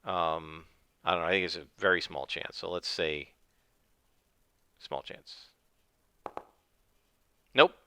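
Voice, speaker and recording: A man's voice: low voice, fairly even intonation, normal speed, bright, forceful tone, smooth, dry recording. A man narrating his solo tabletop game, thinking aloud with many fillers.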